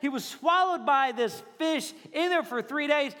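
A male pastor preaching a conversational, animated sermon to a congregation, acting out quotes as he goes. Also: extremely high pitch, a little slow. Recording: reverberant hall.

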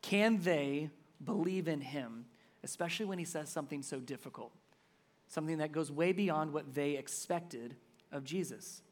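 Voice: medium pitch, moderate pace. Emphatic conversational pastor preaching. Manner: emphatic, conversational preaching that swings between loud stresses and soft asides. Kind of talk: sermon.

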